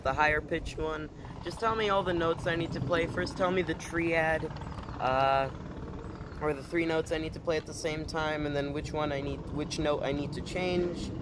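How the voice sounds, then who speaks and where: A man with a somewhat high voice talks casually to his channel, rambling and hesitant with plenty of fillers. He delivers corny puns in a deadpan way, over clear background noise. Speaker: channel host. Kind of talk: casual vlog chat.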